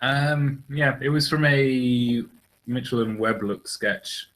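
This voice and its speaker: A man's voice: mid-range voice, slow, fairly bright tone, rough recording. A man co-hosting a casual podcast chat, rambling and hesitant, often restarting his sentences. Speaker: podcast co-host.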